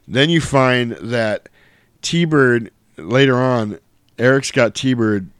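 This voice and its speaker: A man casually recapping a movie in chat, animated and swearing, mimicking the characters' lines in high silly voices. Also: slow pace, clean tone, dry recording, clean studio sound. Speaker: podcast host recapping a film.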